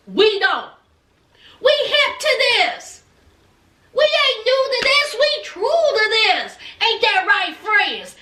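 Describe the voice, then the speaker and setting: A woman's voice: extremely high pitch, bright, forceful tone, reverberant, far from the mic. A woman giving a casual, chatty recap of a reality show, laughing often and acting out the cast's lines. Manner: chatty, laughing, acts out the cast in quick quoted voices.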